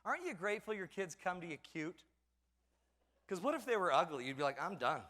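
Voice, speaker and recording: Animated, bright-voiced man telling funny family stories. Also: sits high, a little fast, in a large hall. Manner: self-mocking storyteller acting out family scenes. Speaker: parenting speaker. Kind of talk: comedic talk to an audience.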